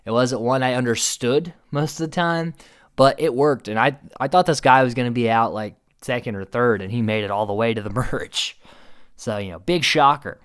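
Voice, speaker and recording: A man giving a casual, opinionated recap commentary, animated and swearing, with many fillers. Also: mid-range voice, normal speed, clean tone.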